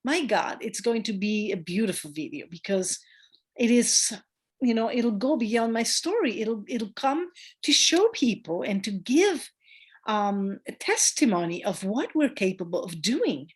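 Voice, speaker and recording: A woman midwife, a guest in a conversational interview, telling a story with emphasis, acting out quoted voices and pausing on fillers. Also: on the high side, breathy edge. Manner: animated storyteller who acts out quoted voices; warm and emphatic, with hesitant fillers.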